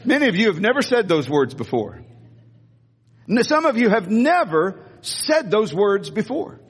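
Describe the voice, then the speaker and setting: An older American man, a pastor, preaching an animated sermon and calling on the congregation to repeat after him. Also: high voice, normal speed, slightly rough, big-room sound. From United States. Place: church sanctuary.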